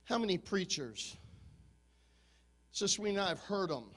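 A man in his fifties with a very high voice preaches with passion. He swings between shouted peaks and low, confiding asides to his congregation. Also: animated, normal speed, in a large hall. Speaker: pastor. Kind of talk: sermon.

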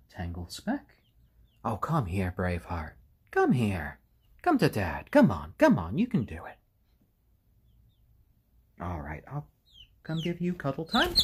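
A man hosting a casual live stream, chatting gently and cooing to his pet birds. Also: on the low side, husky. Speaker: stream host.

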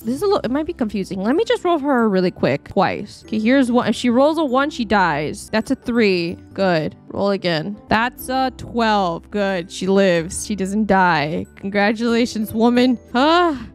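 A woman streamer chatting casually with her live audience as she plays a game, with excited gasps and laughs. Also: on the high side. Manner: chatty, reacting to chat polls with gasps and laughs. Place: home streaming setup. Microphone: desktop USB mic.

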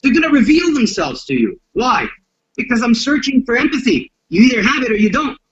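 A man's voice: extremely high pitch, sing-song, brisk. A man speaking as a self-defense instructor in an interview, blunt and profane, acting out street confrontations as he explains violence. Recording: dull lo-fi audio.

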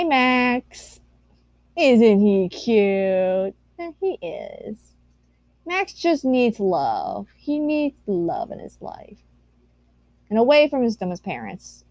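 A woman's voice: on the high side, dark tone, dry recording. A woman giving casual commentary on fan art, gushing and cooing with some casual swearing. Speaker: YouTuber reacting to fan art.

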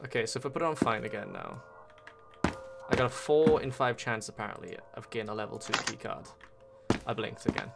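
A man's voice: medium pitch, fairly quick, gravelly, very noisy. A man streaming a horror game, talking casually to viewers, swearing a lot and breaking into panicked yelps and repeated pleas. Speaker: gaming streamer. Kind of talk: casual gameplay commentary. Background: loud game music.

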